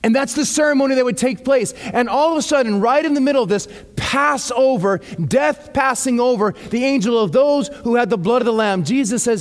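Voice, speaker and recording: A male pastor giving a sermon. He reads scripture slowly, then breaks off into lively, casual asides. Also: extremely high pitch.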